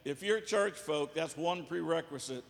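Pastor, male, folksy preacher with jokes; high voice, echo of a large hall. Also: moderate pace, creaky. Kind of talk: sermon. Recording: long hall reverb.

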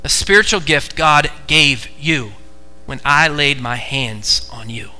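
An American man preaching a sermon to a congregation, emphatic and repetitive, moving between hushed stretches and fervent ones. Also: medium pitch, takes it slowly, soft background music, rough recording. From United States. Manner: emphatic, repeats key phrases, swings from hushed to fervent. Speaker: pastor. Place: church before a congregation.

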